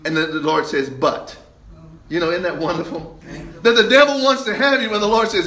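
A man preaching a sermon, his voice pitched high and bright. He presses key points with rising emphasis and pauses. The sound rings around an echoey church room. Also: animated.

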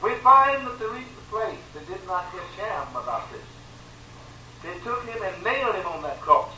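Man preaching, high voice, piercing bright tone, roomy echo, distant mic. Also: expressive, moderate pace, a little hiss or hum. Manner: emphatic repetition, pleading. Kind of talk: sermon. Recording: echoey room from far off, faint ambience.

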